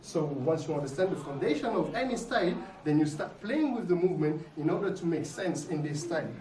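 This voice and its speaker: A man teaching a dance lesson, explaining ideas simply and ending his points with quick tag questions. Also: fairly high pitch, lively intonation, dark tone. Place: dance studio. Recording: echoey room, mic far off. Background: music playing.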